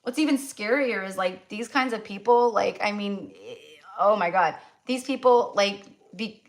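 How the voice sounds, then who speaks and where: A middle-aged woman rants casually to her livestream viewers, her speech loose and packed with filler words. She talks in an animated, rambling style, with swearing and quick asides. Her pitch sits in the middle range for a woman. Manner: animated, filler-heavy ranting with frequent "like" and swearing. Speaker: tarot reader hosting a livestream. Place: rural home.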